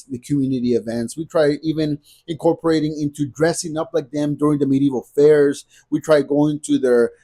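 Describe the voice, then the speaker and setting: Husky, mellow-voiced man ranting to camera. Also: medium pitch. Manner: emphatic, repetitive, ranting. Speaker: vlogger. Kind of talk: casual talking-to-camera vlog.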